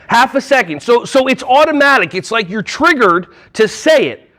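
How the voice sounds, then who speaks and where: A man giving a lively, jokey talk at a conference hall on a wireless mic, often acting out little voices. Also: very high-pitched, normal speed. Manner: playful, jokey, acts out voices. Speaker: conference speaker. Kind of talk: energetic live workshop talk.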